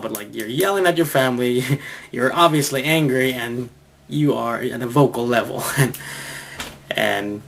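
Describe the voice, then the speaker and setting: A man thinking aloud as he works out a comedy bit, halting and restarting often and chuckling to himself. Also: mid-range voice, creaky, a bit bright, a little hiss or hum. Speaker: comedian developing material. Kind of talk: rambling think-aloud monologue.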